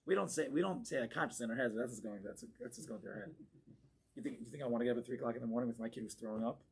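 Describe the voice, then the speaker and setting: A man, a rabbi, giving an impassioned Torah class in a congregation hall, moving between quiet asides and forceful exclamations. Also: mid-range voice, racing, creaky, a little hiss or hum. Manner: fervent and emphatic, swings from hushed asides to forceful exclamations.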